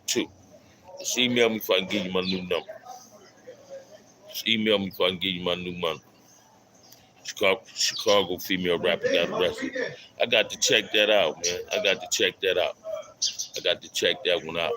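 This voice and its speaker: A middle-aged livestream host with a deep, steady voice reads his chat aloud during a casual stream, speaking a little fast but with long pauses. He repeats his phrases and calls out viewers in loose street slang, with background noise audible throughout.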